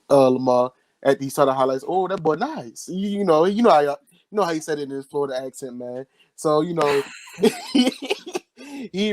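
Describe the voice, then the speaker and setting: A man's voice: fairly high pitch, dry recording, poor audio. A man co-hosting a sports podcast, talking emphatically and confidently, repeating phrases in casual slang. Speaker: podcast co-host.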